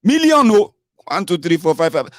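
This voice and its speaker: A Nigerian man with a Yoruba accent hosting an online radio show, giving animated political commentary mixed with Pidgin. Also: high voice, normal speed, no room sound, clean studio sound. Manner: animated, mixing Pidgin and Yoruba, stretching words for emphasis.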